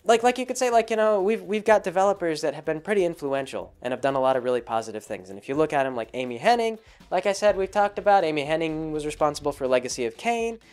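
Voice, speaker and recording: A man's voice: a little high, animated, fast, few pauses, a little mellow, smooth, faint music behind. A man hosting his own video, talking through his views in a loose, rambling monologue full of "like" and "you know" and frequent restarts. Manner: rambling, heavy on fillers and restarts. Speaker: video host. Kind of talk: casual commentary monologue.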